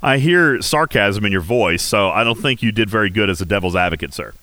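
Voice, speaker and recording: A man hosting a casual game livestream, talking in an animated, rhetorical way with many fillers. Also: fairly low pitch, a little fast, no room sound. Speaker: livestream host. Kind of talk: casual game commentary chat.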